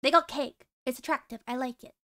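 A woman's voice: high-pitched, a little fast, bright, forceful tone, a little hiss or hum. A woman streaming casually, teasing and joking with her chat and laughing often.

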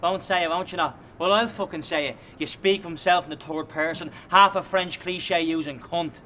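A man's voice: fairly high pitch, steady tone, moderate pace, sharp tone, a little hiss or hum. An actor with a Dublin Irish accent playing a cocky young lad who taunts his friend with crude, sweary insults. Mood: mocking. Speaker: actor in a comedy series. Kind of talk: scripted comedy drama.

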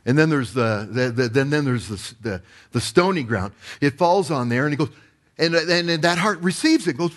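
A man's voice: a little high, animated, normal speed. A male pastor preaching a sermon. He tells the parable with energy and slips into acted-out voices for the people in it.

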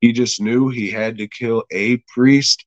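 A man's voice: medium pitch, fairly even intonation, measured pace, no echo, muffled recording. A man hosting a podcast, recapping an episode in a profane, rambling way and laughing often. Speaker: podcast host reviewing an episode. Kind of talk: casual chat.

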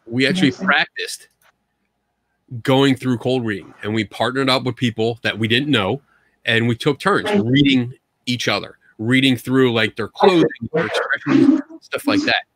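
A man hosts a casual livestream from home, chatting loosely and laughing often. His voice sits at an average pitch. The computer mic sounds close and dry, with no room echo. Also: normal speed, fairly bright tone. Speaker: show host. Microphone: computer mic on video call.

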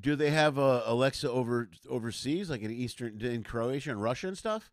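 A man's voice: medium pitch, fairly quick, no room sound, clean studio sound. A man hosting a comedy podcast, chatting casually and rambling through stories with restarts and jokes. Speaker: podcast host. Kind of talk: casual chat.

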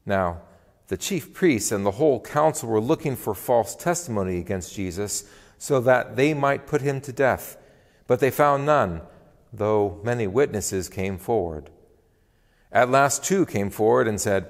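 A man reading scripture in a worship service, expressive and deliberate. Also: mid-range voice, in a large hall. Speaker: lay reader. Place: church.

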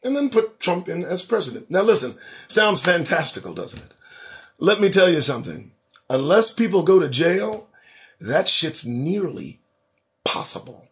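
Animated, preachy man commentator. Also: normal speed. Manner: animated, preachy and profane, swinging between loud emphasis and low asides. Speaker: host. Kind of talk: political commentary monologue.

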